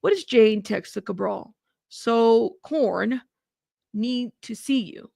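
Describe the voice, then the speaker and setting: A woman's voice: fairly high pitch, slow pace, creaky, mellow, no room sound, clean studio sound. A young woman hosting live news commentary, reading court updates aloud and reacting with laughs and asides. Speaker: host reading trial updates.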